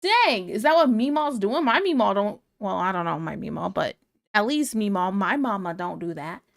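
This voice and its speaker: A woman's voice: medium pitch, expressive, moderate pace, gravelly. A woman streamer chatting casually and reading viewer comments aloud, ranting in an exasperated way and laughing often.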